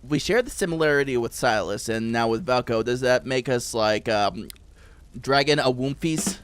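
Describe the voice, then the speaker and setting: A man's voice: mid-range voice, moderate pace, smooth, dry recording. A young man chatting and joking through a gaming stream, laughing often. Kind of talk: casual gaming stream chat.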